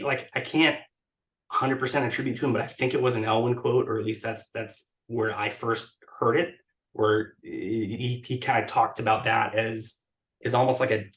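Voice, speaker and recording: A man's voice: mid-range voice, fairly bright tone. A man speaking as a guest over a video call, talking casually with many fillers and restarts. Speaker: podcast guest, blog editor. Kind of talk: casual interview talk.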